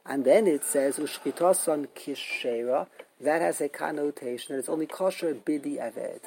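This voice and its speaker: A man's voice: on the high side, normal speed, creaky, darkish tone, a little hiss or hum, poor audio. A man giving a Talmud class lecture, explaining emphatically and repeating himself, mixing Yiddish and Hebrew terms. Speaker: Talmud teacher.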